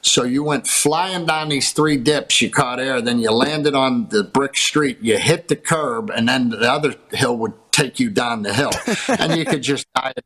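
Animated storytelling man from Pittsburgh. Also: mid-range voice, measured pace, low-quality recording. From Pittsburgh area, USA. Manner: animated storyteller who laughs between lines. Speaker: actor guest. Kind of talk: casual talk-show storytelling.

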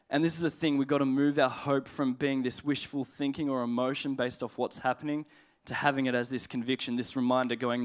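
A man preaching a sermon in a conversational, humorous way, slowing down to read scripture aloud. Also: medium pitch, little pitch movement. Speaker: pastor.

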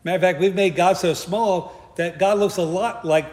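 A man's voice: high-pitched, fairly even intonation, moderate pace, a little mellow. A man giving a conversational sermon, with joking asides and frequent restarts. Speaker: preacher. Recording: echoey hall.

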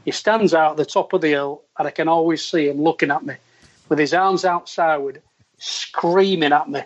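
A man, a former caddie, telling an earthy, animated anecdote and acting out the voices he quotes. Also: fairly high pitch, fairly quick, a little hiss or hum. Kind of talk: storytelling anecdote. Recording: dull lo-fi sound.

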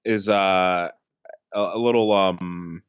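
A man's voice: deep voice, steady tone, slow, smooth, no room sound, highs cut off. A man co-hosting a podcast in casual chat, rambling with many fillers and restarts. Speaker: podcast co-host.

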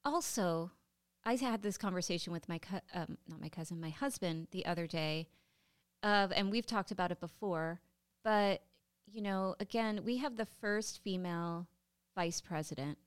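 A woman co-hosting a podcast in casual chat, expressive and quick to exclaim. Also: fairly low pitch, clean tone, no room sound, studio quality. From Florida. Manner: expressive, exclaiming, rising to indignation. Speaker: podcast co-host.

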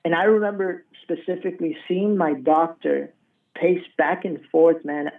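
A man's voice: a little high, fairly even intonation, unhurried, vocal fry. A man from Colorado telling his own story as a guest in a casual interview, laid-back and slangy. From Colorado, USA. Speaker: guest sharing a testimony. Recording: tinny phone-like sound, distant from mic.

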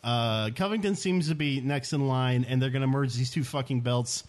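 A man's voice: medium pitch, normal speed, darkish tone. A man co-hosting a podcast, blunt and profane, laughing often as he talks. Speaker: podcast co-host. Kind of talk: casual podcast chat.

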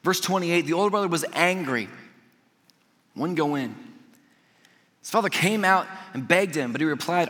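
A man delivers a sermon in a bright, forceful, fairly high voice, telling a story and acting out the voices of the people in it. His voice rings with a long reverb, as if filling a large hall. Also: animated, normal speed, pauses often. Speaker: pastor.

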